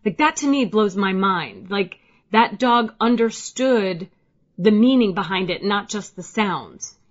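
A woman host tells everyday stories with lively, expressive energy. Her voice sits at a middle pitch. The recording has a dull, lo-fi quality. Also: measured pace. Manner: animated storyteller, lively and expressive. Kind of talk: casual chat.

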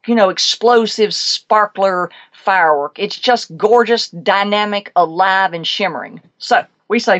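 A woman hosting a talk show, telling a pet psychic story in an animated, emphatic, chatty way. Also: mid-range voice, normal speed, dull audio.

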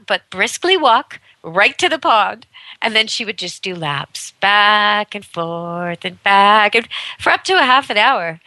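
Bright-voiced chatty woman radio host. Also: mid-range voice, no room sound, poor audio. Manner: chatty, amused, laughs often, playful dog voices. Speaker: radio show host, dog camp owner. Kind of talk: casual radio monologue. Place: rural dog camp in Canada.

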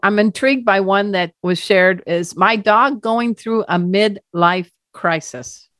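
Woman interview host, mid-pitched voice, dry close recording, encouraging and quick to laugh. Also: a bit bright, no echo. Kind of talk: interview chat.

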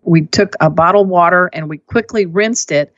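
Animated woman giving pet first aid tips. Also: on the low side, moderate pace, dry recording. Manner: animated storytelling, emphatic. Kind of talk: casual conversational advice. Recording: dull lo-fi dry audio.

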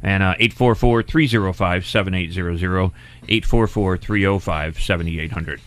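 A middle-aged man with a fairly low voice hosts a casual radio talk show. He rambles loosely, dropping fillers and quick asides between on-air announcements. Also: a bit bright.

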